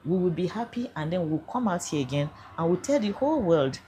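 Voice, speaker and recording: An older woman speaks with a Nigerian accent in a low, mellow voice. She tells her story earnestly, sliding into Pidgin now and then. Faint noise sits under the recording. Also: expressive, a little fast. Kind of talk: emotional first-person account.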